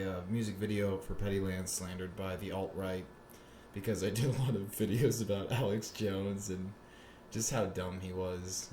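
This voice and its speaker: A man's voice: on the low side, a little mellow, a little hiss or hum. A man from South Florida hosting his own comedy podcast, talking in a rambling, profane, sarcastic way. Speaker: podcast host. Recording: roomy echo with faint ambience.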